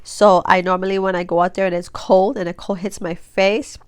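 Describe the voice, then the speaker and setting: A woman's voice: mid-range voice, level tone, moderate pace, clear, resonant tone, dry recording. A woman in her forties chatting casually and rambling as she crafts, with a stuffy, blocked nose. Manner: chatty, rambling, many fillers and restarts. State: stuffy nose after sneezing. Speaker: craft vlogger. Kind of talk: casual tutorial chat while crafting.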